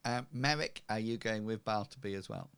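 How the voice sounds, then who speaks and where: A man's voice: lowish voice, creaky, fairly bright tone, clear, resonant tone, no room sound, studio quality. A man narrating as game master, hesitant and full of ums. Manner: hesitant, many ums, slow.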